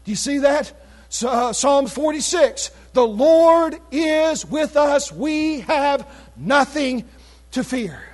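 Very high-voiced preacher, shouting. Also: male voice, expressive, slow. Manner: preaching with frequent shouted exclamations; reads scripture in King James wording. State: losing his voice. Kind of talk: sermon.

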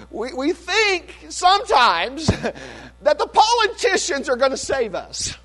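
Male pastor preaching, high lively voice, slow repeated phrases. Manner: preaching cadence, repeats phrases, rises to shouts. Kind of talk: sermon. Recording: mains hum behind.

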